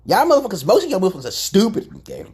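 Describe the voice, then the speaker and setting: Husky profane man ranting loud then low. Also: wildly swooping pitch, very fast. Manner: profane, confrontational, swinging between loud outbursts and low mutters. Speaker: livestream host. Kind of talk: ranting livestream monologue.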